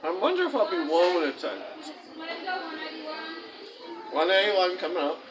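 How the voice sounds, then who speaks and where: A man reading his own dark poetry, then chatting in a rambling, apologetic way, talking with his mouth full at a fast-food restaurant. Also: high-pitched, very animated, music in the background, rough recording. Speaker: vlogger and self-published poet. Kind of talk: poetry reading then casual vlog chat.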